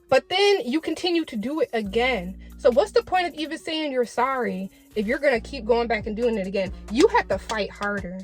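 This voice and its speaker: Blunt woman vlogger, high voice. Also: lively intonation, fairly quick, hardly any pauses, soft background music. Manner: blunt, exasperated tough-love lecturing; swears freely. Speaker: commentary vlogger. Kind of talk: casual commentary to camera.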